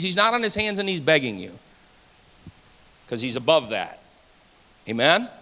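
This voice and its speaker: A man preaches a fervent sermon in a high, bright voice. His words ring out with a long hall reverb around them. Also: sing-song, moderate pace. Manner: fervent preaching, rising to shouts. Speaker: pastor. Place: church sanctuary.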